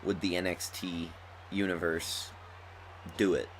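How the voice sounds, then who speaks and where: A man's voice: low-pitched, flat delivery, a little slow. A young man just woken up, chatting casually and enthusiastically as he comments on a wrestling video game at home. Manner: rambling, chatty, enthusiastic fan talk. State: just woke up. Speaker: gaming commentator. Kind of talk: casual commentary over gameplay.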